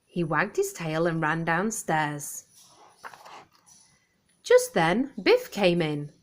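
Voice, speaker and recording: A woman reading a children's picture book aloud, clear and expressive for young listeners. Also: deep voice, slow pace. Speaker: storyteller.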